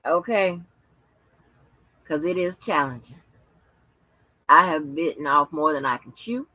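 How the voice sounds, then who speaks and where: A woman's voice: deep voice, expressive, unhurried, sharp tone, no room sound, rough recording. A tired woman hosting a livestream, chatting loosely with viewers, swearing freely and talking through lots of fillers. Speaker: livestream host. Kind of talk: casual livestream chat with viewers.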